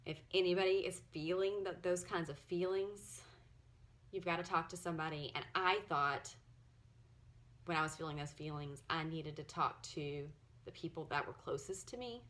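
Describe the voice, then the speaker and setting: A woman in her forties sharing her personal story in a halting, earnest way, at times close to tears. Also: sits low, fairly bright tone. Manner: earnest, halting, emotional, often near tears. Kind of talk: personal testimony to camera.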